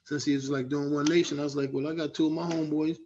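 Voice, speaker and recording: A man's voice: fairly high pitch, fast talker, noisy background. Slangy middle-aged man telling stories. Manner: animated, slangy, acts out other people's voices. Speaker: guest rapper. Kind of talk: casual storytelling in an interview. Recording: dull lo-fi sound.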